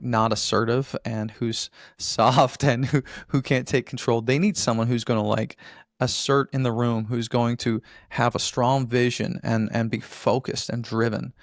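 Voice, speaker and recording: A man's voice: mid-range voice, no echo, clean studio sound. A man as a podcast guest, talking earnestly in a casual interview and often restarting his phrases.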